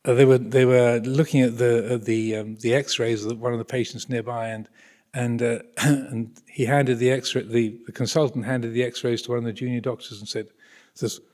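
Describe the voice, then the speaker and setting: An Englishman in a mid-pitched voice tells a long personal story to an audience. He rambles and hesitates, circling back with restarts and chuckling now and then. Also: little pitch movement, normal speed, a little mellow. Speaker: speaker addressing an audience. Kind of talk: anecdotal spiritual talk.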